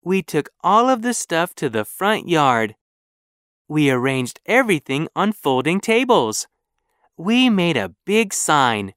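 A narrator reading a children's story aloud in a clear, careful, measured way. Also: mid-range voice, very animated, fairly bright tone, no echo, clean studio sound.

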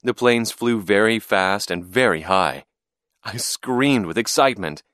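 A man narrating a first-person storybook in a clear, expressive reading. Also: lowish voice, unhurried, no echo, studio quality.

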